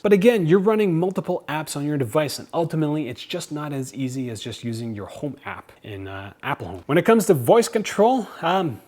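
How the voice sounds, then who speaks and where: A man speaking English as his first language, chatting casually and animatedly as he reviews smart home platforms. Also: fairly high pitch. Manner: chatty, animated, self-deprecating humor. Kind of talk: casual tech review to camera.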